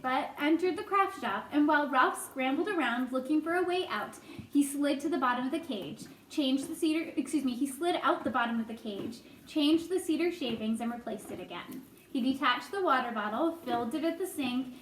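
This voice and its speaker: A woman reads a children's novel aloud, expressive and breaking off for chatty asides. Her voice sits high, the room is echoey, and a faint hiss runs underneath. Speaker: storyteller.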